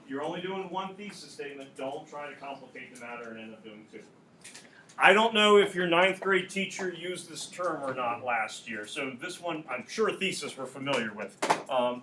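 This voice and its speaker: A male high school English teacher explaining an assignment to his class, patient and repeating key points. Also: pushed and bright, a little hiss or hum. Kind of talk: classroom instruction.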